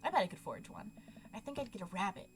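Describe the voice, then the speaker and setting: A woman's voice: medium pitch, animated, quick pace, slight background noise, close to an everyday voice. A woman voicing a cheerful teenage daughter in a dating game, bubbly and playful. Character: teenage girl, cheerful college-bound daughter.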